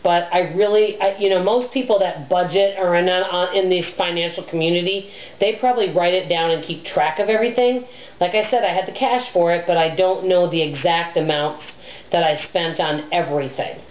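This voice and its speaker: Loud, abrasive woman vlogger, echoey room. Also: on the low side, fairly quick, a little hiss or hum. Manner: chatty, rambling, self-deprecating. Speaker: personal finance vlogger. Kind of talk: casual chat to camera. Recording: echoey room, dull lo-fi sound.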